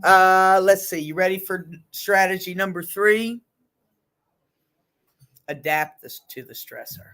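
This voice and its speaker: A woman leads a group session on stress at an unhurried pace. She is frank and lively and drops blunt asides. Her pitch sits in the middle of the range. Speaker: group facilitator.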